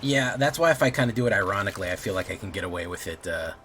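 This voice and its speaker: A man's voice: low-pitched, lively intonation, very fast, fairly bright tone, faint music behind. A man streaming a card game, chatting casually, rambling and joking with some swearing. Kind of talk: casual gameplay commentary.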